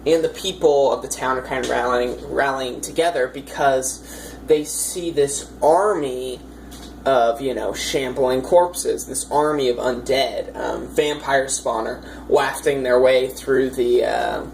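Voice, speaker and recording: Woman game master, low voice, chatty and rambling, faint hiss on the track. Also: slow, vocal fry, darkish tone, rough recording. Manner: chatty, rambling, many fillers, amused. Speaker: dungeon master. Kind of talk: casual storytelling of a tabletop campaign.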